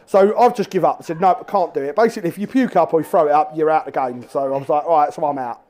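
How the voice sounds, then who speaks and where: A man's voice: on the high side, rapid-fire. Laughing man telling stories. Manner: animated, laughing anecdotes. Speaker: guest angler. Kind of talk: live stage storytelling. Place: live talk at a show.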